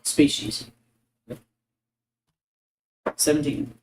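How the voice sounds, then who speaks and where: A man's voice: very slow, reverberant, slight background noise. A man playing a tabletop game, chatting casually and joking around. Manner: joking, laughs often. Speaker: player.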